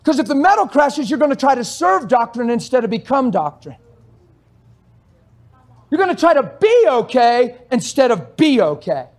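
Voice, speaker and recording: High-voiced man preaching with animated storytelling. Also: moderate pace. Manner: animated storytelling, swings from loud exhortation to soft asides; laughs while telling stories. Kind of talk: sermon.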